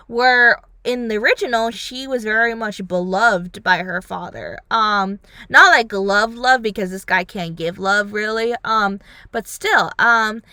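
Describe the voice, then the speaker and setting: A woman's voice: a little high, clear, resonant tone, no echo, studio quality. A young woman vlogger reviewing a series in a rambling casual chat, full of "like" and "um", acting out lines as she goes. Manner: rambling, heavy on fillers like "like" and "um"; animated, acts out characters' lines.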